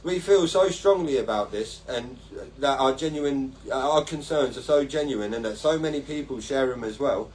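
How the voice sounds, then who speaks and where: A man's voice: mid-range voice, normal speed, hardly any pauses, a little mellow, a little hiss or hum. A man hosting a casual podcast-style livestream, talking in a rambling, sweary way and laughing at his own stories. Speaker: livestream host.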